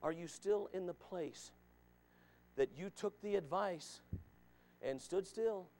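High-voiced man preaching emphatically. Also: takes it slowly, a little mellow. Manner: emphatic, repeats lines, calls out listeners by name. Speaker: pastor. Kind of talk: sermon.

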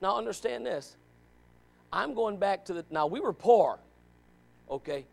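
A man in his forties preaching a sermon in church, animated and questioning, swinging from loud to quiet. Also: sits high, unhurried, gravelly, long pauses. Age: 40s.

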